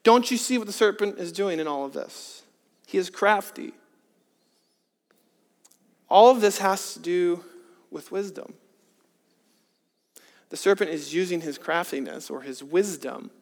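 Preacher, male, very high voice, earnest and building, long hall reverb. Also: a little slow, long pauses. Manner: earnest, builds from hushed to emphatic with rhetorical questions. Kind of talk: sermon.

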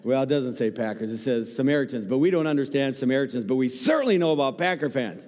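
A man's voice: medium pitch, fast talker. A man preaching a sermon with humor, acting out voices as he tells a story in church. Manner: animated, joking storyteller, acts out voices. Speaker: guest preacher. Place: church sanctuary. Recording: long hall reverb.

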